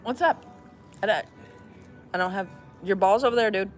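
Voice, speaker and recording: A woman's voice: mid-range voice, normal speed, soft background music. A woman chatting casually to her viewers in a vlog, breaking off to talk to a dog playing fetch outdoors. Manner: chatty, talks to a dog between asides. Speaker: vlogger.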